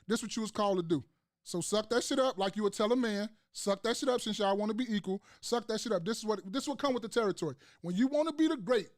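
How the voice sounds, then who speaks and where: A man with a voice that sits high hosts a casual podcast chat, ranting emphatically with slang and profanity and repeating phrases for emphasis.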